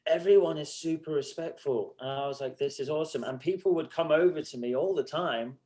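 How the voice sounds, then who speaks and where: A man's voice: a little high, fairly quick. A man guest on a podcast, telling stories casually and acting out conversations with other voices. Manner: animated, acts out exchanges, swears. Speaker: podcast guest, band musician. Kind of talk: casual storytelling.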